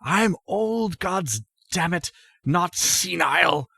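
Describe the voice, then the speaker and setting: A man voicing a bitter, frail old patriarch who coughs and talks in a weary, cracked way, his voice pushed higher than his own. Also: expressive, slow pace, gravelly, breathy edge, dry recording, full character voice. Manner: weary, cracked, raises pitch.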